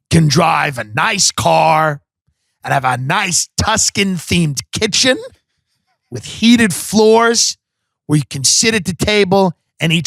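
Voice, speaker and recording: A man hosting a podcast, telling a comedic story in an animated, profane style packed with voices and impressions. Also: fairly high pitch, creaky, no echo, studio quality. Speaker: podcast host.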